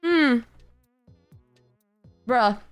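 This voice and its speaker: A woman streamer with a hoarse voice, telling a story in animated casual chat, laughing and swearing freely. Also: high voice, drawn-out words, no room sound, clean studio sound, faint music behind. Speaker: VTuber streamer.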